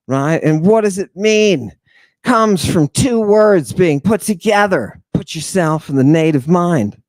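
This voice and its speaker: A man lecturing with a theatrical flair, pressing on key words and repeating them for effect. His voice sits a little high for a man and he takes his time. The sound is close and dry. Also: takes it slowly, darkish tone, dry recording. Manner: emphatic, repeats key words, fires rhetorical questions. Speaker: lecturer and host.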